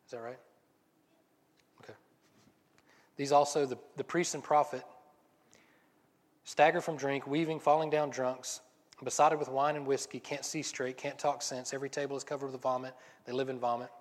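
A man preaching a sermon, reading scripture passages aloud and then explaining them in a relaxed, conversational way. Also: medium pitch, normal speed, pauses often. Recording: long reverb.

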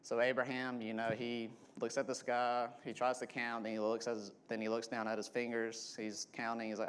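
A man's voice: medium pitch, flat delivery, moderate pace, few pauses, smooth. A man preaching a sermon who repeats his key points and keeps checking in with the listeners by asking "okay?".

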